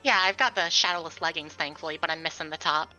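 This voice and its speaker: Low bright-voiced woman, frank. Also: fast talker, dull audio, faint music behind. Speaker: player in a raid group. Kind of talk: casual voice chat while gaming.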